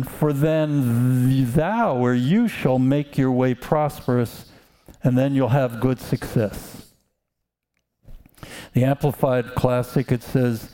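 Slow-speaking male preacher, mellow tone. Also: medium pitch. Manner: slow, emphatic, calls out to congregation. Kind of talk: sermon.

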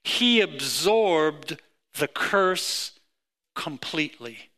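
Male pastor, middle-aged, high, bright voice, slow deliberate delivery, emphatic sermon style. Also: sing-song. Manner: emphatic preaching with rising pitch and repeated phrases.

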